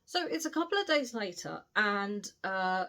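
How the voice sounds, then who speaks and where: A British woman chats through the whole plot of a book, animated and cheeky, with frank asides and the occasional swear word. Her voice sits at an ordinary middle pitch for a woman. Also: a little slow. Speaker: book reviewer. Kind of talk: casual spoiler recap of a novel.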